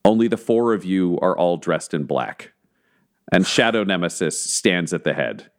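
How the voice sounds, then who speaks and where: A man narrating as game master, telling the story slowly and theatrically and building tension. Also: sits low, expressive. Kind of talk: dramatic tabletop narration.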